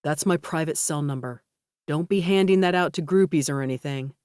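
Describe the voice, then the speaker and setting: A woman voicing a kind, easygoing young man who speaks gently and reassuringly. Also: deep voice, a little fast, clean tone, dry recording, studio quality, lightly acted. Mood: gentle.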